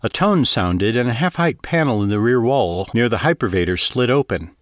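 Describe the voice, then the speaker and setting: Male audiobook narrator; lively, expressive pitch, dry close studio sound. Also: moderate pace, no room sound. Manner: expressive, steady storytelling.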